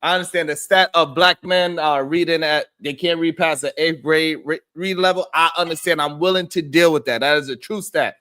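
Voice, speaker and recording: A man's voice: a little high, fairly even intonation, brisk, hardly any pauses, bright, forceful tone. Man hosting a casual live stream. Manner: greets chat viewers by name and argues his point loosely; conversational, repeats himself as he rambles.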